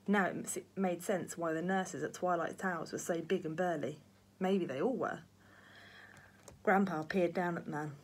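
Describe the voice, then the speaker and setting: A woman, a primary teacher, reading a children's book aloud with lively, expressive storytelling. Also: fairly low pitch, normal speed, slightly rough.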